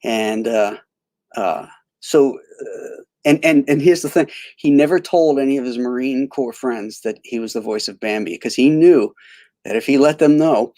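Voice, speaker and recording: A man's voice: medium pitch, normal speed, dark tone, no echo. Rambling man chatting about old films. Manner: rambling, many fillers and restarts. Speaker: host. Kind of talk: casual film commentary.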